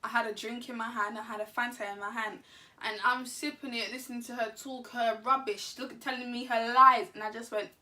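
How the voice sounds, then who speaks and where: A woman telling a story to camera in an animated, slangy, laughing way. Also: fairly high pitch, a little fast, far from the mic, a little hiss or hum. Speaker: vlogger. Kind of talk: casual storytime.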